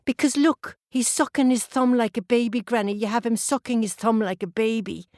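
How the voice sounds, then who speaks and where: A woman's voice: on the high side, steady tone, normal speed, a little mellow, no echo, clean studio sound, pitched above the performer's own voice, natural voice. A woman doing a curious little girl. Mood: eager, curious. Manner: eager, insistent questioning.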